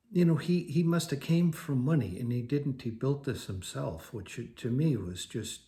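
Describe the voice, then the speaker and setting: A man recounts his own past in a loose, conversational way. He circles back, repeats himself and fixes his words mid-sentence. His voice sits at an ordinary middle pitch. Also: warm tone. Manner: rambling, conversational, with restarts and self-corrections. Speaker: storyteller. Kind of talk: personal recovery story told to camera.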